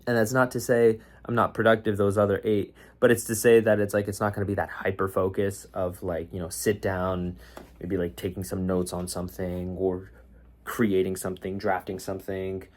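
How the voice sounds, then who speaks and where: Low-voiced man rambling in a vlog. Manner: rambling, joking, self-motivating. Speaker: vlogger. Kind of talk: casual self-talk vlog.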